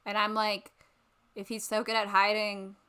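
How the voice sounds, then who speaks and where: Woman, podcast co-host, casual chat, sarcastic, rambling, bright tone. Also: mid-range voice, monotone, moderate pace, clean tone. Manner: sarcastic, rambling, full of ums.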